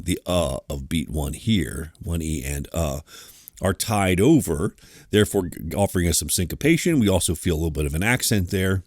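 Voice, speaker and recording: Deep-voiced guy doing a music lesson, scats the rhythms out loud, dry close sound. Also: dry recording. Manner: scats rhythms aloud between explanations. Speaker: music theory teacher. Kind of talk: online lesson.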